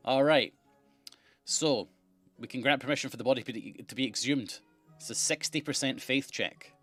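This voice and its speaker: A man's voice: mid-range voice, normal speed, fairly bright tone, faint music behind. A man live-streaming a video game, chatting playfully and reading the game text aloud. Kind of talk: casual live-stream commentary.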